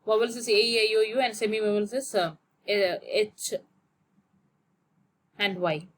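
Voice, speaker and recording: Slow, careful woman teaching grammar. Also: medium pitch, a little hiss or hum. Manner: slow, explains step by step and spells out letters. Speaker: French teacher. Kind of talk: grammar lesson.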